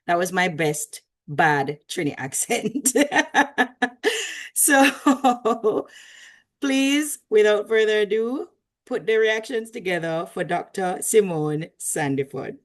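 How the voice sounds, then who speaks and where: Lady moderator on a video call, lowish voice, reads out intros then jokes around. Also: measured pace. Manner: chatty and joking between formal reading. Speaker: session moderator. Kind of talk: introducing speakers in an online session.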